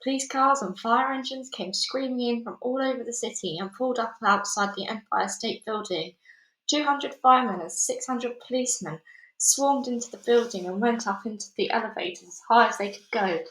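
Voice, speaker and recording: Higher-voiced woman reading a storybook. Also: normal speed. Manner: steady reading with small slips and restarts. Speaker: storybook reader. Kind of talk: chapter read-aloud. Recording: echoey room.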